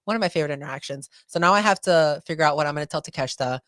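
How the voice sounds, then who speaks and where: A woman co-hosting a casual podcast, telling stories with lots of excitement and acting out quoted voices. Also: deep voice, racing, no room sound, clean studio sound. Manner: excitable storyteller, acts out quotes. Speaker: podcast co-host. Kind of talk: casual chat.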